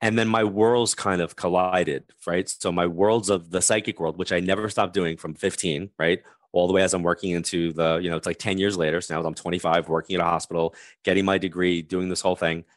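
A man in his fifties, a guest in an interview, telling an animated story fast with many "like" fillers. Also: deep voice, no room sound, clean studio sound. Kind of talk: conversational storytelling.

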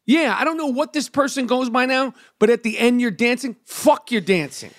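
A man's voice: very high voice, a little fast, no room sound, clean studio sound. A man in casual chat, ranting heatedly with lots of swearing.

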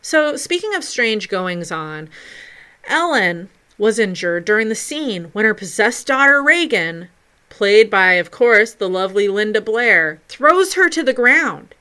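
A woman hosting a video, narrating film trivia in a chatty, expressive way with loud bursts for emphasis. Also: mid-range voice, a little slow, smooth. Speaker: video host.

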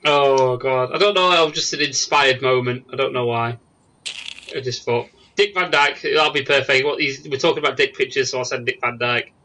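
A medium-pitched man at a moderate pace, sounding pushed and bright, hosts a casual podcast via Skype. He laughs a lot and tells animated stories, with slight background noise and rough recording quality.

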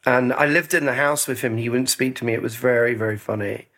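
A man's voice: medium pitch, fast, a bit bright. A middle-aged man from Scotland, a photographer interviewed as a guest, telling stories about his youth in a chatty, self-deprecating way. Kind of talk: casual conversational storytelling.

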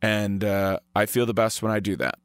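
A man's voice: lowish voice, fairly even intonation, normal speed, smooth, no echo, studio quality. A man co-hosting a podcast in casual chat, rambling and playful with many fillers. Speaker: podcast co-host.

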